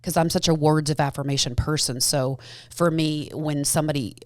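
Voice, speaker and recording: A woman's voice: sits low, fairly even intonation, brisk, no echo, studio quality. A woman in her thirties, a podcast guest, telling her own story candidly, often acting out what she said to herself. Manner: earnest, quotes herself often, laughs easily.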